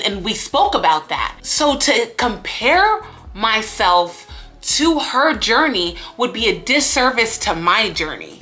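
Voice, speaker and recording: A woman's voice: mid-range voice, bright, forceful tone. A woman in her late twenties, a content creator sharing life lessons in a chatty, emphatic way and acting out little scenes. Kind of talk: casual life-lesson vlog.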